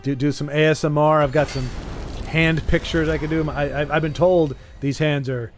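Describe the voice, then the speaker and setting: A man's voice: fairly high pitch, level tone, moderate pace, soft background music. Joking man hosting a game stream. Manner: rambling, self-deprecating jokes, frequent restarts. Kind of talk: casual chat while gaming.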